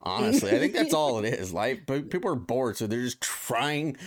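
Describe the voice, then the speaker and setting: A man's voice: mid-range voice, big pitch swings, normal speed. A man co-hosting a podcast, chatting casually in a blunt, emphatic, ranting way. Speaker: podcast co-host. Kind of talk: casual chat.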